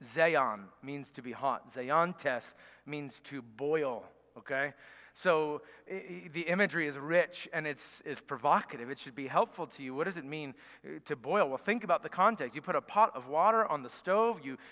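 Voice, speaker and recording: High, bright-voiced man preaching in a hall. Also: moderate pace. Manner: conversational teaching with frequent okays and restarts. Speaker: pastor. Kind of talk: sermon. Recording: reverberant hall.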